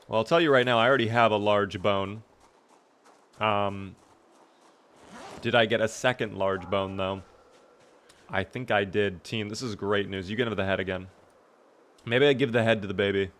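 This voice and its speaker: A man's voice: fairly low pitch, steady tone, normal speed, long pauses, fairly bright tone. A man streaming a video game live, chatting upbeat with his viewers as he plays. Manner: upbeat, chatty, talks to himself and chat.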